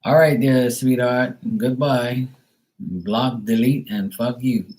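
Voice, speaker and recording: A man's voice: medium pitch, steady tone, slow pace, a little mellow. Profane ranting man on a live stream. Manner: profane, exasperated, blunt. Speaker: tarot reader. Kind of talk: casual live-stream rant.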